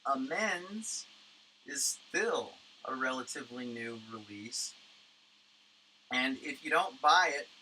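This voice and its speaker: Bright-voiced profane man rambling. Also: mid-range voice, expressive, slow, a little hiss or hum, low-quality recording. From Tucson, Arizona, USA. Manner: profane, rambling, lots of fillers and restarts. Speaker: livestream host. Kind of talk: casual rambling chat. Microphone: studio condenser microphone.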